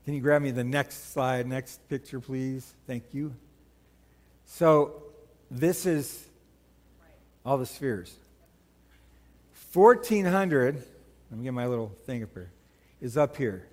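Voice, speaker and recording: Slow and full of pauses, a medium-pitched male voice fills a large hall in a church sanctuary. He's the pastor giving a sermon, chatty and joking as he tells animated stories to the congregation.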